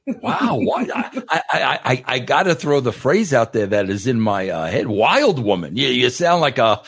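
Lively stammering man host. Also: medium pitch, moderate pace, vocal fry, slightly rough. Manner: stammering restarts, enthusiastic. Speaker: interview host. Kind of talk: casual interview chat.

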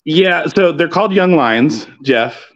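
A man's voice: on the high side, expressive, takes it slowly, highs cut off, a crowd in the background. A man joining a casual wrestling chat who explains things in a laid-back, profane way. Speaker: podcast guest on wrestling.

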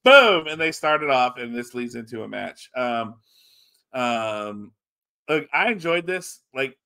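Guy chatting loose on a podcast, middle pitch, rambly and sweary, lots of ums. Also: sharp tone. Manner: rambling, laid-back, sprinkles in swearing and fillers. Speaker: podcast host reviewing a wrestling show. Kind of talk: casual chat recapping a show.

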